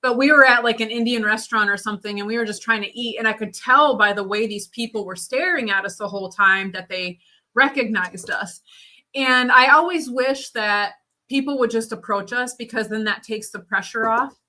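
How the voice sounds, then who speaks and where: A woman's voice: on the high side, moderate pace, sharp tone. A woman as a guest in a casual chat, speaking frankly and swearing casually.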